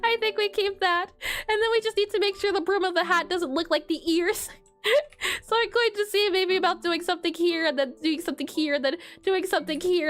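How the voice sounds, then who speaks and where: Very high-voiced woman drawing on stream. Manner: thinking aloud, chatty, giggly. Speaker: pixel art streamer. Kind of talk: casual live-stream drawing commentary.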